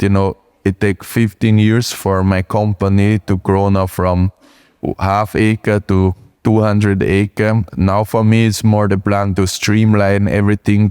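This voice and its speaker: Deep, flat-voiced man with an Austrian accent. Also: clear, resonant tone. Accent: Austrian German. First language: German. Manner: speaks in short phrases, often ending on "right?" and "you know". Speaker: invited speaker, farmer. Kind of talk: answering audience questions on stage.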